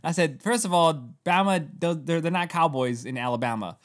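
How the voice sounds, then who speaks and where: Jokey male co-host, slightly high voice. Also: normal speed. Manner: jokey, wordplay, hesitant fillers. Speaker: podcast co-host. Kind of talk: casual chat.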